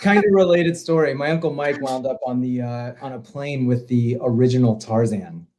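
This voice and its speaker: A man guesting on a podcast, telling stories in an animated way, laughing mid-sentence and acting out quotes. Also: medium pitch, normal speed, a loud crowd. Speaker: podcast guest, independent filmmaker. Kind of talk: casual podcast chat.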